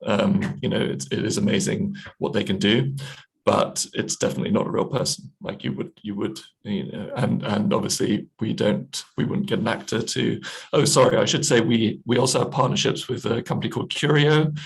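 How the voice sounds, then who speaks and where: A man's voice: on the low side, steady tone, fairly quick, vocal fry, slightly rough, poor audio. A man, a newspaper editor, talking in a video call discussion, hesitant with many fillers and restarts.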